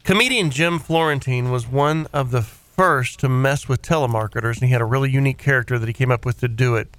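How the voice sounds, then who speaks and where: A man's voice: medium pitch, fast. A man hosting a radio talk show, rambling through stories in casual chat from his studio. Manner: rambling, animated storytelling. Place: private studio.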